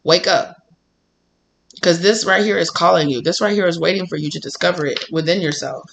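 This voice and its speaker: A tarot reader giving a casual spiritual reading, animated and laughing often. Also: medium pitch, quick pace, creaky. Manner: animated, laughing, acts out quotes.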